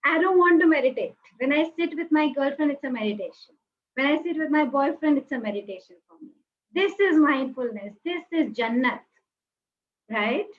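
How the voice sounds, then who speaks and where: A woman giving a lively webinar talk, acting out quoted reactions and asking the audience to join in. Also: high-pitched, normal speed. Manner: animated, acts out quoted reactions, asks the audience. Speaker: webinar speaker. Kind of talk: lively motivational talk with acted asides. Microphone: webinar call mic. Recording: slightly dull audio with faint noise.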